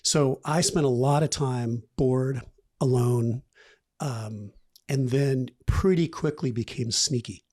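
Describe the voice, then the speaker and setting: A man's voice: medium pitch, takes it slowly. A man in his fifties, a podcast guest, telling candid, rambling stories about his past and acting out the voices of the people in them. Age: 50s. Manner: rambling, animated retelling with acted quotes. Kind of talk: candid storytelling interview.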